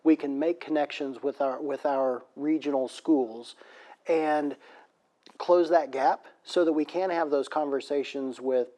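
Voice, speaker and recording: Guy with kinda high voice rambling thru a story in an interview. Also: fairly even intonation, unhurried, dark tone. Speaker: university disability services staff. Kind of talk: casual interview answers.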